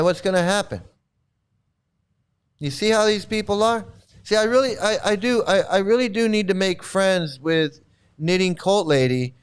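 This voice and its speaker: A man's voice: sits high, clean tone. A man ranting in mocking commentary, combative and repetitive. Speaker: streamer.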